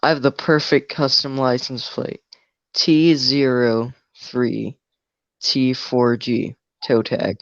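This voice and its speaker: A young man co-hosting a livestream, making dark jokes in a flat, deadpan way. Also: mid-range voice, takes it slowly, dry recording, muffled recording. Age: teens or young adult. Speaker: livestream co-host. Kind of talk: casual livestream chat.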